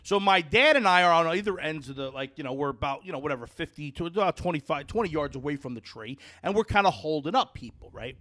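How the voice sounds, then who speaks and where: Give me a New Jersey man on a podcast, cursing and ranting, with a bright, high voice. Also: expressive, quick pace, hardly any pauses, dry recording, studio quality. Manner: loud, profane, heated storytelling, shouts when riled. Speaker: podcast host. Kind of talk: casual chat.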